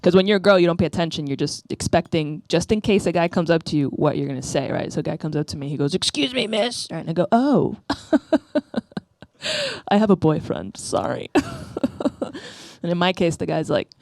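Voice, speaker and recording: Bronx lady comedian rambling on stage, kinda low voice, dry mic, keeps saying right?. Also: rapid-fire, vocal fry, hardly any pauses, darkish tone, dry recording. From the Bronx, New York. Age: 30s. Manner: rambling, self-deprecating, asks "right?" often. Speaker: stand-up comedian. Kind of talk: stand-up comedy routine.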